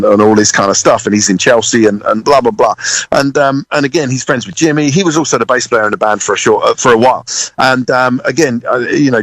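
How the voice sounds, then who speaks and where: A British man, a drummer, telling a lively story in a radio interview, swearing freely and acting out other people's voices. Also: medium pitch, no room sound, rough recording. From United Kingdom. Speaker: guest drummer.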